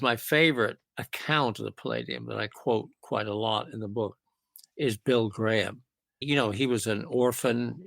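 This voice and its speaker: A man's voice: lowish voice, creaky, no echo. A man, a music producer and author, answering interview questions in a reflective, storytelling way. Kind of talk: interview conversation.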